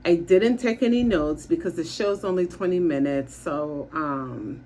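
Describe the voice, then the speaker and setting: A therapist who also reviews TV shows recaps an episode from her office in a chatty, casual style, acting out characters' lines in quick voices. Her voice is on the low side and mellow, with slight background noise, since she's on a makeshift setup without her usual gear.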